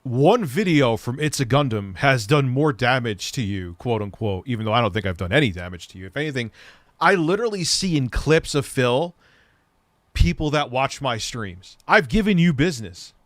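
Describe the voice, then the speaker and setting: A man's voice: mid-range voice, sing-song, moderate pace, no echo, clean studio sound. A man hosting a live stream, mocking and ranting with plenty of swearing as he reacts to a clip. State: recovering from a leg injury. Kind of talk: casual live-stream commentary.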